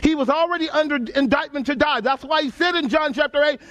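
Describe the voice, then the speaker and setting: High-voiced Texan preacher. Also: male voice, fast, hardly any pauses, bright, forceful tone, soft background music. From Texas. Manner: call-and-response preaching, folksy and emphatic. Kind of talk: sermon. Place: church sanctuary before a congregation.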